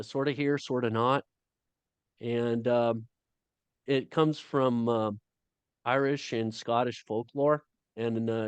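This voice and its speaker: A middle-aged man, a guest author, talking casually on a video call, halting often with fillers. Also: medium pitch, clean tone, dry recording. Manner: halting storytelling with many fillers.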